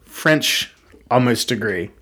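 A man's voice: medium pitch, lively intonation, slow, fairly bright tone, husky. An American man co-hosting a podcast, teasing his co-host wryly and explaining things in a casual chat.

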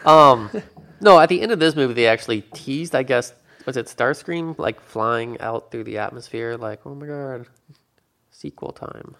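A man with a gravelly, middle-range voice chats casually as a podcast co-host. He talks in an animated way and fires off incredulous questions. His tone stays loose and conversational. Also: medium pitch, normal speed. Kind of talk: casual chat.

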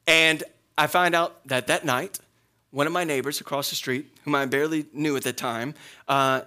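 A man's voice: medium pitch, bright, forceful tone. A middle-aged man, a pastor, preaching a sermon and telling a personal story with rising emphatic peaks.

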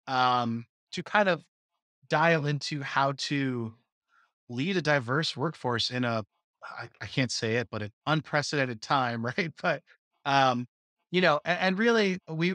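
A male podcast host with a bright, forceful voice, chatting casually and joking, often restarting his sentences. The sound is dry and close. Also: mid-range voice, no room sound. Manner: jokey, rambling with restarts. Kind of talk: casual chat.

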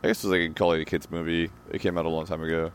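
A man's voice: low voice, flat delivery, very fast, smooth. A man co-hosting a casual podcast chat, teasing his friend and rambling about old movies. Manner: teasing, ribbing his co-host. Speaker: podcast co-host.

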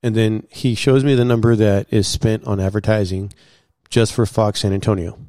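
Low mellow-voiced man telling a story. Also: normal speed, no room sound, studio quality. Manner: animated, acts out quoted dialogue, many fillers. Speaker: guest. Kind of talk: casual storytelling.

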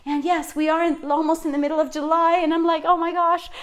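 A middle-aged woman talks through her podcast in a loose, effusive monologue. Her voice sits a little high, and she laughs often between thoughts. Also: level tone, fast talker. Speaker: podcast host. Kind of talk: casual motivational monologue.

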